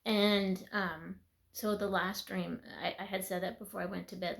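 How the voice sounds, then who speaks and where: A woman sharing an emotional personal faith testimony, earnest and conversational, tired and teary, with soft laughs and some words trailing into a whisper. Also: mid-range voice, little pitch movement, normal speed, gravelly.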